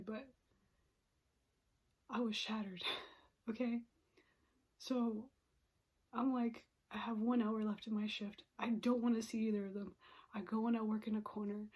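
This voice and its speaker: A woman's voice: fairly high pitch, warm tone, slightly rough. A young adult woman vlogger telling a personal story in a storytime monologue, emotional and often dropping into whispered asides, with frequent "you know" fillers.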